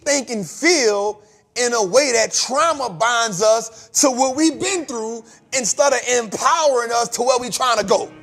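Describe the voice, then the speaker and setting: A man's voice: very high voice, fairly bright tone. A man hosting a podcast, giving a preachy, emphatic motivational finance talk full of repetition and casual street slang. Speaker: podcast host.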